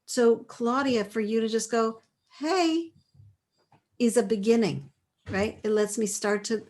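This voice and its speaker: A woman in her forties leading a live online class, reading out chat replies in a gentle, affirming way and laughing often. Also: fairly high pitch, flat delivery, moderate pace. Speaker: course leader.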